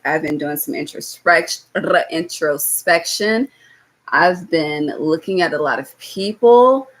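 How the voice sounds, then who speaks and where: Doing a casual tarot reading on a live stream, a young woman is blunt and swears freely, frequently checking in with an "okay?". Her voice is fairly low in pitch with a fairly bright tone.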